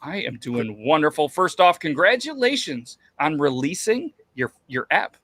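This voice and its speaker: A man's voice: on the high side, sing-song, normal speed, fairly bright tone, no room sound. A man hosting a casual podcast chat, loose and joking, with lots of fillers and restarts. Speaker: podcast host.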